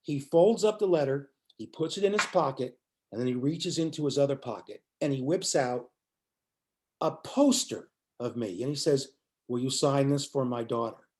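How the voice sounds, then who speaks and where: Here an older musician being interviewed narrates an anecdote, animatedly performing the lines spoken by the people involved. The pace is moderate, and his pitch runs a little high.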